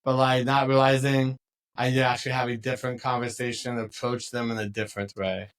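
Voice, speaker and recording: A man hosting a podcast, talking in a relaxed, chatty way and laughing often. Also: medium pitch, fairly quick. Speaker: podcast host. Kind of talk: casual conversation.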